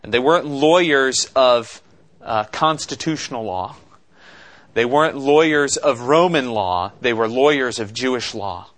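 A man preaching an expository sermon, slow and deliberate, with dramatic pauses and rhetorical questions. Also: mid-range voice, fairly bright tone. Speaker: pastor.

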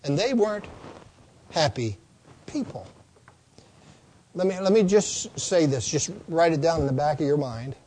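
Older male pastor with a slightly high voice, folksy and emphatic, for a sermon read. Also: animated, dark tone, a little hiss or hum. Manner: folksy storytelling, slow emphatic lists and repetitions.

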